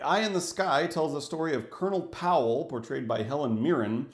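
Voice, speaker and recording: A man giving a casual film review for his channel, animated and acting out little scenes as he talks. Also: a little high, moderate pace, hardly any pauses. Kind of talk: casual movie review vlog. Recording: echoey room.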